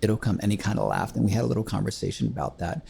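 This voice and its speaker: A man's voice: on the low side, racing, vocal fry, warm tone, slightly rough. An older man, a grieving widower, hosting a reflective talk on grief in an earnest, conversational way, retelling little anecdotes. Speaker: host.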